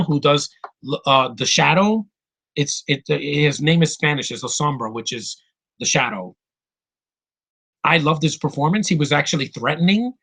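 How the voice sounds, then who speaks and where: A man with a somewhat high, husky voice gushes and grumbles through his favorite films of the year. He talks in loose bursts, swears casually and often backs up to restart a sentence. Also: a bit bright, low-quality recording. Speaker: movie reviewer. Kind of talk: casual film review rant.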